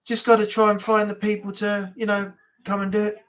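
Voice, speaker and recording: A northern English man hosting a relaxed weekly live chat on his stream. He rambles along casually, filling pauses with ums and uhs as he answers his chat. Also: high voice. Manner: rambling, relaxed, with many fillers. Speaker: livestream chat host.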